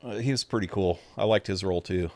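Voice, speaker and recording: A man's voice: sits low, fast talker, darkish tone, no room sound. A man streaming a game, chatting casually in a laid-back, rambling way with some swearing. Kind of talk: casual chat.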